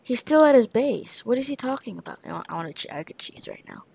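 A woman's voice: on the high side, animated, fast, creaky, darkish tone, breathy edge. A tired woman giving casual commentary on her own gameplay, rambling and tossing out playful trash talk with muttered asides.

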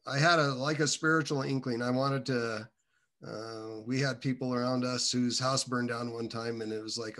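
Man, bright forceful tone, halting meandering testimony, casual storytelling. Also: mid-range voice, fairly even intonation. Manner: halting, meandering delivery with many restarts. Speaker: guest telling his faith testimony.

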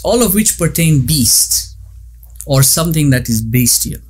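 A man's voice: on the high side, sing-song, measured pace, husky. A man giving a religious lecture, emphatic, repeating points and asking rhetorical questions.

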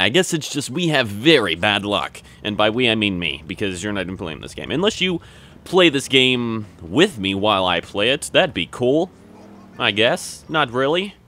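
A man joking his way through gameplay commentary, playing at police radio talk and getting excitable when things go wrong. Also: on the low side. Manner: jokey, rambling, mock police radio talk, excitable outbursts. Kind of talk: joking let's-play commentary.

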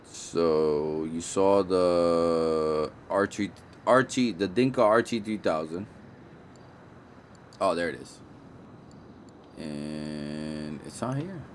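A man's voice: sits low, very slow, long pauses, slight background noise. A man doing casual live-stream commentary on a video game, playful and slangy, often repeating himself and apologizing. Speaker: gaming streamer.

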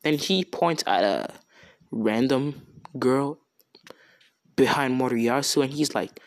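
Slow, rambling young man telling a fan story. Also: mid-range voice, no room sound. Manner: rambling, slangy, with many restarts. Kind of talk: improvised casual storytelling.

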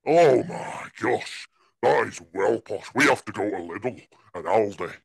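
A man playing a cheeky middle-aged bloke who jokes about his wife, with a gravelly voice. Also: fairly low pitch, lively intonation, unhurried, no echo, clean studio sound, full character voice. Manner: cheeky banter, playful boasting. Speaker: comedy character guest.

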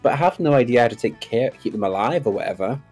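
A woman's voice: very deep voice, lively intonation, quick pace, a little mellow, breathy edge, faint music behind, full character voice. A woman voicing a breezy, dreamy young character who talks in an airy, offhand way.

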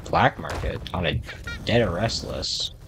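A man's voice: low-pitched, animated, a little slow, creaky, background noise. A man giving rambling, self-deprecating commentary while playing a video game, chatting to the characters on screen. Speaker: gaming video creator. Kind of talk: casual gameplay commentary. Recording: music playing behind the voice.

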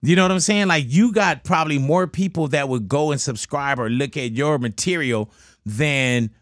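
A man's voice: fairly high pitch, normal speed, a bit bright, no echo. A middle-aged man hosting a casual studio interview, telling stories with slang in a laid-back way. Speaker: radio host.

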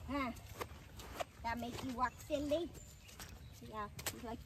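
A woman's voice: fairly high pitch, very slow, long pauses, background noise. A woman outdoors at a barn, teasing her horses with playful baby-talk. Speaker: horse owner.

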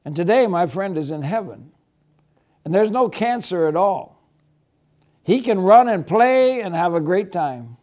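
A man teaching a children's church Bible lesson, gently reassuring as he tells the story and prays. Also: sits high, expressive, a little slow.

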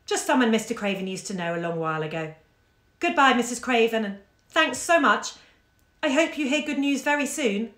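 A woman reading aloud, voicing a grown woman who is a secret lover, crisp and carefully friendly on the phone. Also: fairly high pitch, expressive, a little fast, fairly bright tone, voice pushed up. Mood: light, polite. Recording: roomy echo.

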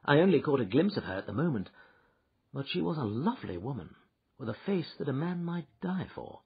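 A man reading an audiobook, voicing a shrewd male detective who recounts his adventure with lively, wry storytelling, on a dull lo-fi recording. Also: on the high side, brisk, gravelly, slightly rough, exaggerated voice. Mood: amused.

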